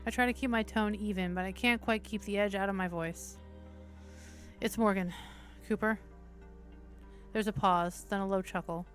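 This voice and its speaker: Reading a visual novel aloud on her stream, a woman keeps a steady narration but drops in casual, cursing remarks between sections. Her mid-range voice moves at a moderate pace with frequent pauses, and faint music plays behind.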